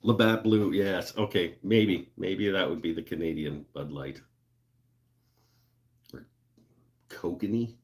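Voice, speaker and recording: A man with a very low voice hosts a casual livestream from his woodworking shop. He talks in a loose, joking way, full of fillers and asides to viewers. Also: slow, long pauses. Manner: laid-back, joking, lots of fillers and laughs. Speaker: livestream host. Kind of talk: casual livestream chat reading viewer comments.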